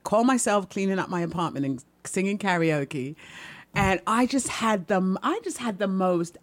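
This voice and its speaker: A middle-aged woman doing stand-up, telling stories in a chatty, animated way and often asking the audience "right?". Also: medium pitch, normal speed. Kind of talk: stand-up storytelling.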